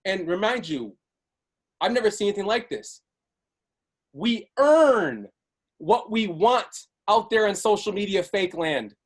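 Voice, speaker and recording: A young man giving a hype motivational speech to his sales team, animated and shouty, chanting repeated lines. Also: high-pitched, a little slow, long pauses, breathy edge. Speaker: team leader on a sales call.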